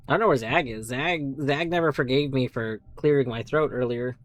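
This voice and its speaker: A man's voice: mid-range voice, moderate pace, few pauses. Streamer guy chatting casual on a live stream, goofy and fond with his cats. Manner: playful, talks fondly to his cats.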